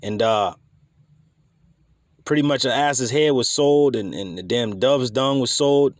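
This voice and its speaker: A man teaching scripture in a loose, conversational way, emphatic and quick to curse. His voice sits in a middle register and sounds dry and close to the mic. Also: mid-range voice, dry recording. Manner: emphatic, conversational, swears casually. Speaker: bible teacher.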